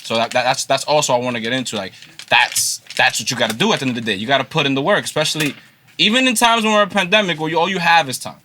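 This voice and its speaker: A man's voice: mid-range voice, very fast, noisy background. A young man co-hosting a casual podcast, talking in slang and often restarting his phrases. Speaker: podcast co-host.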